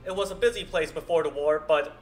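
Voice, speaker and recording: A man streaming a game, reading its dialogue aloud in a halting way and stopping often to correct himself. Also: a little high, soft background music. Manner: halting read-aloud with frequent stumbles and self-corrections.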